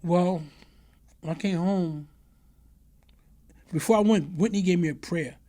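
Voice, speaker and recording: A middle-aged man recounts his past in a relaxed interview, his voice pitched a bit high but dark and mellow in tone. He slips into the voices of the people he describes and keeps leaning on "you know what I mean". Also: unhurried. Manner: animated, acts out the voices of the people in his stories. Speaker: interview guest. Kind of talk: casual storytelling.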